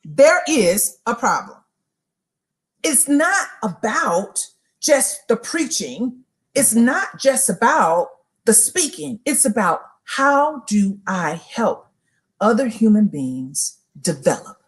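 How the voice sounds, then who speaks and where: High, animated woman preaching motivation. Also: slow pace. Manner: emphatic, repeats phrases for emphasis; addresses listeners directly and rhetorically. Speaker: motivational speaker. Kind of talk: preaching-style motivational talk.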